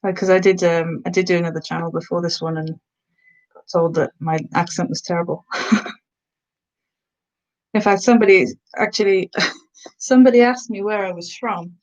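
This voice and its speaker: A woman's voice: lowish voice, steady tone, normal speed, long pauses, a little mellow, muffled recording. A woman from the Black Country, England, chatting casually on a live stream, answering viewers' comments and slipping into giantess role-play. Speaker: ASMR streamer.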